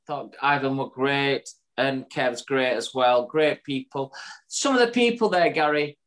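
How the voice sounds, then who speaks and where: A man's voice: mid-range voice, a little slow, fairly bright tone. A man, co-hosting a podcast in casual chat and wrapping up the episode with an upbeat summary. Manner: chatty, upbeat, wraps up with a summary. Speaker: podcast co-host.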